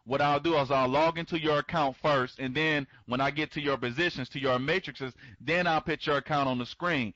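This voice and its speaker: A man with a fairly high voice hosts a live webinar and rambles, circling back over the same points and greeting people by name as they join. He stumbles through frequent restarts. The sound is dull and lo-fi, with a dry, close feel. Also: a little fast, hardly any pauses, fairly bright tone, no room sound. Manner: restarts and stammers often. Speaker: host of an online members' conference.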